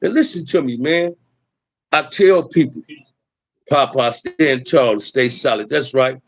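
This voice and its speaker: A man's voice: medium pitch, measured pace, no room sound, low-quality recording. A middle-aged man, talking emphatically in a preachy street style as host of a livestream. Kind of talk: impassioned livestream talk.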